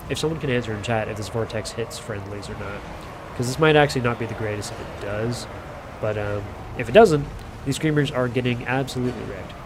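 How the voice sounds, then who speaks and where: A man giving casual, rambling live commentary on a strategy video game, with lots of fillers and self-corrections. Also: medium pitch. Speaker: game caster. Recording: audible background noise.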